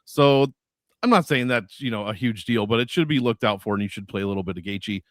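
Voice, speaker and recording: A man giving measured, stat-heavy fight analysis on a podcast over an online call, with many filler uhs. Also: fairly low pitch, expressive, dry recording, clean studio sound. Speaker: fantasy sports analyst.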